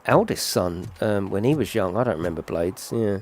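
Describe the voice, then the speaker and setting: A man's voice: on the low side, expressive, normal speed, a little mellow. A middle-aged man giving casual, rambling game commentary full of tag questions. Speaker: gaming channel host.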